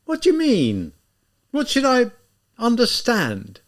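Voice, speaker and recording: A man's voice: high voice, sing-song, normal speed, voice pushed up. A man reading aloud, voicing a flustered, defensive young male clerk in an audiobook. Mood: panicked. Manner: anxious, rising and protesting. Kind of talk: audiobook character voice.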